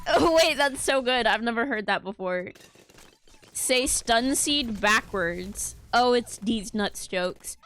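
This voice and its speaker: A woman's voice: on the high side, lively intonation, slow, fairly bright tone. A young woman streaming a game, chattering playfully to her chat and teammates with silly bits. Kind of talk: casual gaming livestream chatter.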